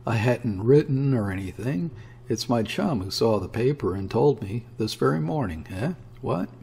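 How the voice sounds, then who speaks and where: A man voicing a boisterous, scornful young sailor who talks bluntly and roughly. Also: medium pitch, animated, normal speed, mellow. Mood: blustering. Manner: blunt, offhand and rough-spoken.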